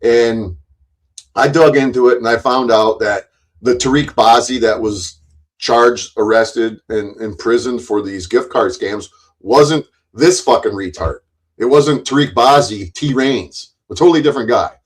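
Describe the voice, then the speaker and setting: A man's voice: mid-range voice, unhurried, low-quality recording. Angry, cursing man ranting on a stream. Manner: angry, cursing, rambling with restarts. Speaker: live streamer. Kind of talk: profane ranting live stream.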